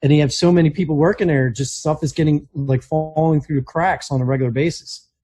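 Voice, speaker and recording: A man's voice: a little high, steady tone, brisk, warm tone, slightly rough. A man co-hosting a podcast, rambling through casual wrestling chat with plenty of "like" fillers. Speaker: podcast co-host.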